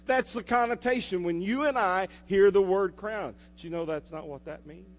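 A pastor preaching a sermon, swinging between loud declarations and hushed asides and putting questions to the congregation. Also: male voice, high voice, normal speed. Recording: reverberant hall with mains hum.

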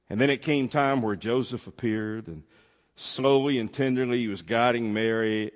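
A man telling a heartfelt true story, expressive, swinging between loud and hushed. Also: mid-range voice. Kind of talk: emotional storytelling. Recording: long hall reverb.

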